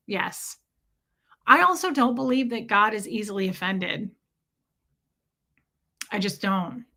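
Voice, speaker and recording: A woman hosting a casual livestream, chatty and animated, answering viewers by name. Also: mid-range voice, slow. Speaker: livestream host reading chat.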